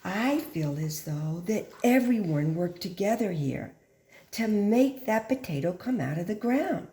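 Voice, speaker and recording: Slow, mellow-voiced woman teacher reading aloud. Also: medium pitch, echoey room. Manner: expressive read-aloud with dramatic pauses; gentle, patient classroom explaining. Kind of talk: reading a picture book aloud to children.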